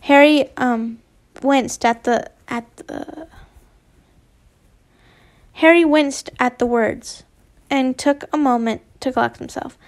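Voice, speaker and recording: A woman's voice: high voice, takes it slowly, pauses often. A woman casually reading a fanfiction story aloud, often stumbling and correcting herself, with asides. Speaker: fanfiction reader.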